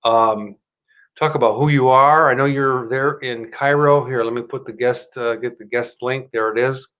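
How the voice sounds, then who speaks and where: A man talks into his computer mic while hosting a live stream. He rambles in a chatty way and often stops to correct himself. At times he slips into an upbeat motivational pitch. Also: steady tone, moderate pace, fairly bright tone, lo-fi sound. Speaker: host of a live stream show. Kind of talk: casual live-stream talk and self-help pitch.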